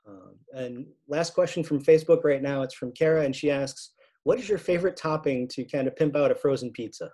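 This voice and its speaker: A man's voice: fairly high pitch, a little fast, warm tone, poor audio. A man with an upstate New York accent moderating a casual live Q&A over a video call, reading out viewer questions and laughing often. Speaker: festival Q&A moderator.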